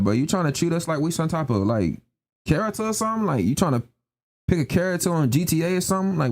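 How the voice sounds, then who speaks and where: Slightly high and sing-song, his voice moves fast with a touch of mellowness. A young man on a live stream goes on an emphatic, slangy, repetitive rant, over and over asking "you know what I'm saying."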